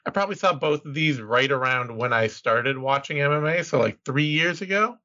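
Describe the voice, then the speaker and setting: A man hosting a podcast in casual chat, relaxed and rambling with self-deprecating jokes. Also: medium pitch, fairly quick, dull audio. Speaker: podcast host.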